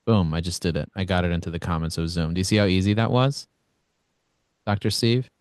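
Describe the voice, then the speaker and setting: Blunt, energetic male networking coach. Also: low-pitched, brisk, no echo, studio quality. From Brooklyn, New York. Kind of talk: online coaching session. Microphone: video call.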